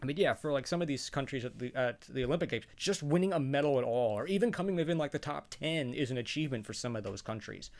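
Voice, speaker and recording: A man's voice: medium pitch, lively intonation, fast talker, hardly any pauses, a little mellow. A man casually talking through his thoughts on a cartoon episode, rambling and hesitant, with frequent chuckles. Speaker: show reaction vlogger. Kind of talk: casual spoken commentary.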